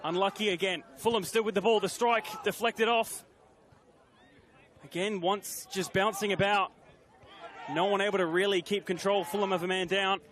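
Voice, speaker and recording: A man doing live play-by-play commentary on a football match, calling the action in brisk, clipped phrases that lift with the play. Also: sits high, steady tone, a bit bright.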